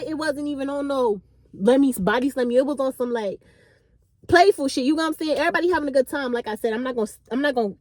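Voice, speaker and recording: Animated high-voiced woman telling a story. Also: dry recording. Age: late 20s. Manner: animated, chatty, slangy. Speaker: vlogger. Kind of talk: casual storytime.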